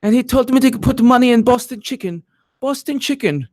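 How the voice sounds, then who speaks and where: Man putting on a high falsetto, Eastern European accent, fussy older woman, whiny, repetitive. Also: lively intonation, a little fast, a little mellow. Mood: complaining. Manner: high, whiny, repeating herself.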